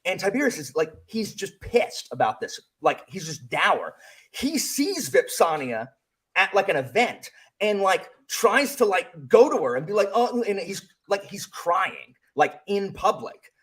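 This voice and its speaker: A man hosting a casual book club chat, rambling excitedly with lots of fillers and restarts. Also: sits high, unhurried, husky. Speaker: book channel host.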